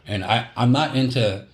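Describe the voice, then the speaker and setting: A middle-aged man, telling a long story on a podcast, rambling and correcting himself and laughing at his own tale. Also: medium pitch. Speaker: podcast host. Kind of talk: casual storytelling chat. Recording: roomy echo.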